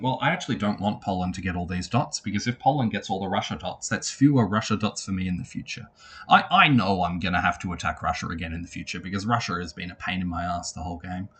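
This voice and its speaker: A man on a headset microphone giving a casual spoken recap of his strategy game, swearing freely and retelling his conversations with growing emphasis. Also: fairly low pitch.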